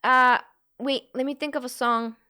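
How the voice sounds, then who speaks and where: A young woman with a high voice hosts a casual live stream. She giggles often and reacts to chat messages one after another in a loose, chatty way. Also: fairly even intonation, moderate pace, sharp tone, smooth. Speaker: Twitch streamer.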